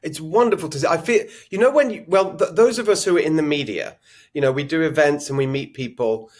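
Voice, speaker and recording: A man's voice: a little high, a little fast, darkish tone. Chatty middle-aged Englishman. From England. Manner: chatty, reflective, with restarts. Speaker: political guest. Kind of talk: conversational interview.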